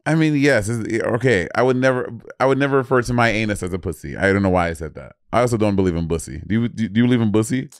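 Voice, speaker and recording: A man's voice: fairly low pitch, animated, fast, few pauses, clean tone, no room sound, studio quality. A man co-hosting a podcast, sassy and dramatic in casual chat. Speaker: podcast co-host.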